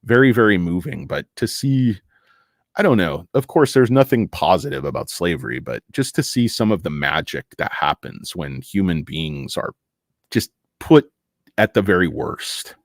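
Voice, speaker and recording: A middle-aged American man talks in a loose, rambling monologue, his pitch leaping up and sinking low as he gets worked up. He swears freely and trips over fillers and restarts. The sound is close and dry, with no room around it. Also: big pitch swings, moderate pace, no room sound. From United States. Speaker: stock market YouTuber.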